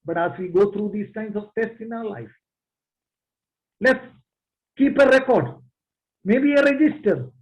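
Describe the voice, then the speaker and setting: Slow, high-voiced preacher. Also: male voice, animated, lo-fi sound. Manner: slow, emphatic, addresses the congregation. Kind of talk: sermon.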